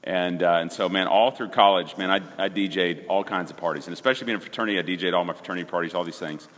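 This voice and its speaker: A pastor in his forties talks very fast in a low-sitting voice, telling a personal story as casual conversation. He is animated and emphatic, repeatedly restarting his sentences, with the acoustics of a large hall.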